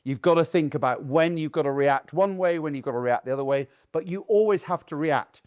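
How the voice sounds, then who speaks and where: A middle-aged man talks to camera as a dog trainer, blunt and casual. He is animated and keeps acting out owners calling their dogs. His speaking voice sits a little high for a man. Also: fairly quick.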